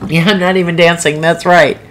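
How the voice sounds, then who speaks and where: A woman's voice: lowish voice, little pitch movement, a little fast, slight background noise. A middle-aged woman author hosting a live broadcast, chatting frankly and rambling into asides with her viewers. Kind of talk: casual livestream chat.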